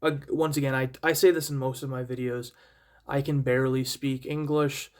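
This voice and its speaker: A man's voice: medium pitch, little pitch movement, normal speed. A young man casually reviewing an album, rambling and self-deprecating, with many fillers and restarts and repeated praise. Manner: enthusiastic, repeats praise words.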